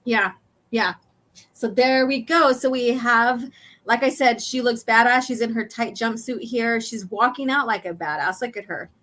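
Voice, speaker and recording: Chatty woman host, slightly high voice. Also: moderate pace, fairly bright tone. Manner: chatty, reads comic lines aloud with many ums. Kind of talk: casual chat walking through comic pages.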